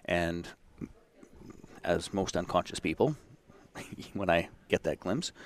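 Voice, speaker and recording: A man in his fifties from Saskatchewan, a podcast guest telling his story in a lively, self-deprecating way. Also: low voice, slow. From Saskatchewan, Canada. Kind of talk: casual storytelling.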